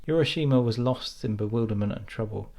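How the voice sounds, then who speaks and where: A man reading a fairytale aloud in a calm, measured way. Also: mid-range voice. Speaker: storyteller.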